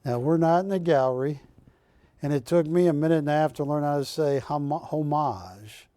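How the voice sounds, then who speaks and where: A man's voice: a little high, normal speed, mellow, no echo. A man hosting a live home shopping show, talking in a rambling, jokey way and often correcting himself. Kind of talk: live sales pitch. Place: TV shopping studio.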